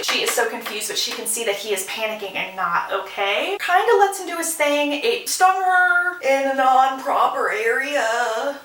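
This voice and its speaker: A woman's voice: on the high side, expressive, normal speed, hardly any pauses, a bit bright, recorded from a distance, slight background noise. A woman casually recapping a book plot, chatty and opinionated, in an echoey room away from the mic. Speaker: book vlogger.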